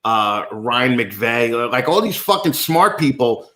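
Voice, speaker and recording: A man's voice: mid-range voice, very animated, a little slow, fairly bright tone. A man with a New York accent chatting as a podcast guest, profane and rambling, poking fun at himself. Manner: profane, rambling, self-mocking. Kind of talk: casual chat. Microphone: video call.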